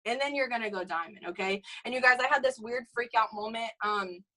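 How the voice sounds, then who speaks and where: A young woman giving an energetic motivational talk to her sales team, calling out "you guys" and "okay?" all the time. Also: on the high side, brisk, rough recording. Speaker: network marketing team leader.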